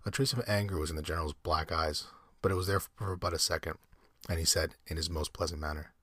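A man's voice: a bass voice, fairly even intonation, quick pace, fairly bright tone, breathy edge, no echo, studio quality. A man reading a short story aloud at an easy pace, with small slips and self-corrections. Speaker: amateur story reader.

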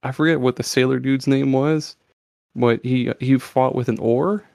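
A man's voice: mid-range voice, steady tone, normal speed, gravelly, darkish tone, no room sound, studio quality. A man hosting a podcast, chatting loosely with lots of swearing and stumbling restarts. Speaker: podcast host. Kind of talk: casual chat.

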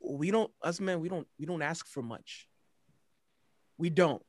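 A man in casual podcast chat, pressing his point by repeating his words. His voice is high and the sound is dry. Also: a little slow, no room sound. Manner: emphatic, repeats himself.

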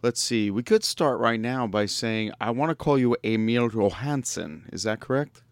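Man, radio host, casual joking chat, mid-pitched voice, dry close recording. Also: lively intonation, moderate pace, no room sound. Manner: joking, laughs often, loose rambling delivery. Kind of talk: casual podcast interview.

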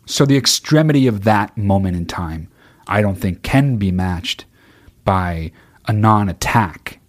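Low-voiced man hosting a podcast, blunt and profane, rambling chat. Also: animated, unhurried. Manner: swears constantly, rambling and blunt. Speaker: podcast host. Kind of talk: casual chat answering listener questions.

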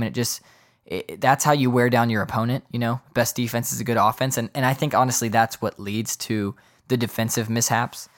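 A man hosting a solo sports podcast, talking off the cuff in a rambling way, correcting himself often and dropping joking asides. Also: medium pitch. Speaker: podcast host.

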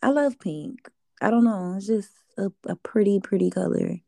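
A woman's voice: medium pitch, normal speed, gravelly, mellow, no echo. A young woman being interviewed as an artist, chatting in a casual, easygoing way and laughing now and then. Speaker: guest artist.

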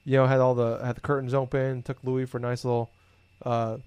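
A man chatting casually, rambling through everyday stories with frequent swearing and filler words. His voice sits at a middle pitch and comes across dry and close, with no room sound. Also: fairly quick, clear, resonant tone, no room sound. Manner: rambling, profane, animated storytelling. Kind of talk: casual chat.

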